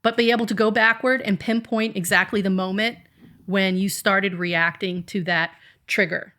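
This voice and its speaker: Middle-aged woman, bright sharp tone, emphatic advice-giving podcast co-host. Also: medium pitch, fairly even intonation, moderate pace. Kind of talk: casual podcast chat.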